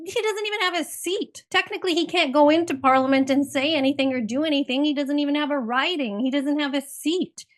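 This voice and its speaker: A woman's voice: sits high, brisk, few pauses. A middle-aged woman from Canada talks politics in casual chat, rambling and emphatic, and she sounds indignant. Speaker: guest commentator.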